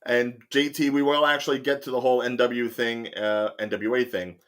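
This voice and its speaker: A man hosts a casual podcast chat in a medium-pitched voice. He rambles through his points and leans on fillers as he thinks aloud. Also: fairly even intonation, normal speed. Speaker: host.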